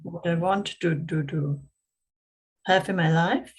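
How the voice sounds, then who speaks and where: A woman's voice: fairly low pitch, takes it slowly, poor audio. A woman being coached, answering in brief, hesitant replies. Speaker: coaching client. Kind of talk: coaching session.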